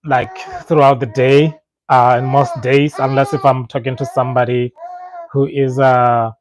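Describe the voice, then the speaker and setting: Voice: mid-range voice, little pitch movement, unhurried, poor audio. Chatty Setswana host. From Botswana. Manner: chatty and reassuring, thinks aloud. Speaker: language channel host. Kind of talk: casual livestream chat.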